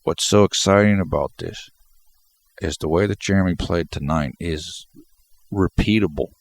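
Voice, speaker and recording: Low gravelly congested man. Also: normal speed. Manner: rambling, repeats words and restarts. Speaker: basketball video commentator. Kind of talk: solo post-game commentary.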